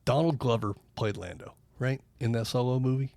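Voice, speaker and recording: A man's voice: medium pitch, a little fast, creaky, darkish tone, no echo. Rambling, foul-mouthed podcast storyteller man. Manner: rambling storyteller, swears freely. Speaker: podcast co-host. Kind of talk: casual chat.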